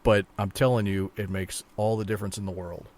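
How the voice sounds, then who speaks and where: A man's voice: lowish voice, fairly even intonation, fairly quick, darkish tone. A man co-hosting a podcast in casual chat, laid-back and profane, often restarting his sentences. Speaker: podcast co-host.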